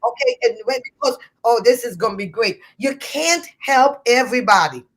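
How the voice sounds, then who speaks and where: Lively Trinidadian woman giving a pep talk. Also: fairly high pitch, moderate pace, poor audio. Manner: lively preacher-like call-outs. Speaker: live-stream host. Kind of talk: motivational live-stream talk.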